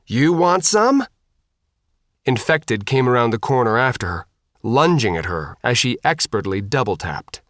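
A man narrating an audiobook with a steady, even reading. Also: mid-range voice, normal speed, dry recording, clean studio sound.

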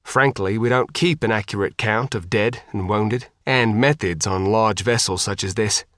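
A man voicing a calm, grave male commander who speaks in a measured, formal way. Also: fairly low pitch, no echo, clean studio sound, close to an everyday voice.

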